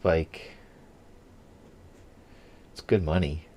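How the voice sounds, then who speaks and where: Low-voiced canadian guy narrating his game run, kinda mumbly, thinking out loud. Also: fairly even intonation, extremely slow. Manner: thinks aloud, muttering half to himself. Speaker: gameplay streamer. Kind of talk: casual let's-play commentary.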